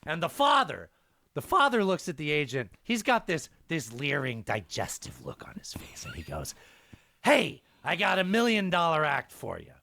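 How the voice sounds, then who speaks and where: Man doing a raspy comedian voice, screechy, gravelly, stammering repeats, wild pitch swings. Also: huge pitch swings, pushed and bright, dry recording, heavily acted. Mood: gleeful storytelling. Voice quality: gravelly at times. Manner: dramatic storytelling, halting repetitions. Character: raspy screechy male comedian telling a filthy joke. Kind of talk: impression while telling a joke.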